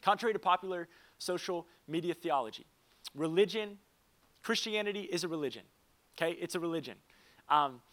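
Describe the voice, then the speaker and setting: A young pastor preaches a sermon in a relaxed, conversational style, tossing in quick asides and stories meant to get laughs. His voice is a little high with a fairly bright tone.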